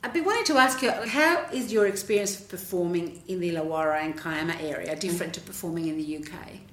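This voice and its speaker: A woman's voice: fairly low pitch, fast, fairly bright tone, reverberant, slight background noise. A woman hosting an interview, asking light, joking questions.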